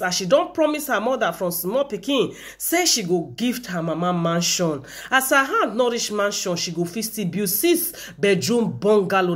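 A woman with a Nigerian accent presenting celebrity news, mixing lively commentary and preachy asides with slow read-outs of posts. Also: medium pitch. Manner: animated, preachy asides, exclamations; reads posts slowly. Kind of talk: gossip news commentary in Pidgin.

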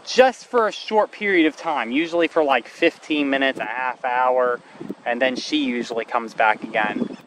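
A man filming wildlife outdoors by a marsh, musing aloud and soothing a bird in a gentle, coaxing way. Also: medium pitch, normal speed. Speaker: wildlife videographer. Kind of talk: casual narration while filming. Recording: outdoor wind and ambient noise. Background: wind, birds and passing vehicles.

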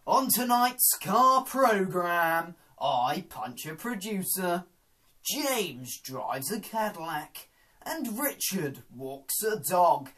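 A man's voice: sits high, big pitch swings, heavily acted. A man doing an impression of a brash, pompous car-show presenter, drawing out a dramatic intro. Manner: slow, dramatic, building to a shout.

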